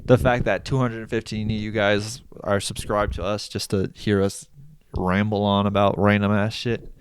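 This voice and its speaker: A man's voice: level tone, moderate pace, smooth, no room sound. A young man co-hosting a casual podcast, rambling and laughing often as he tells stories. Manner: rambling, laughs often, acts out his own quotes in a high voice. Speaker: podcast co-host. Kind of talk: casual chat.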